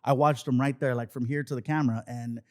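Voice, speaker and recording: A middle-aged man spins a lively anecdote as a comedian guest. He puts on voices for the people in his stories. His voice sits at an ordinary pitch, and the recording is dry and close. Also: fast, dry recording. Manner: animated, acts out voices in anecdotes. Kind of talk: casual storytelling.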